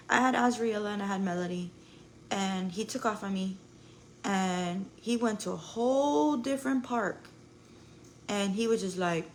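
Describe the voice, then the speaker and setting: Gravelly woman rambling through a story. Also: medium pitch, unhurried, a little hiss or hum, low-quality recording. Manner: rambling, peppered with "like" and swearing. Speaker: live streamer. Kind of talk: casual storytelling to live viewers.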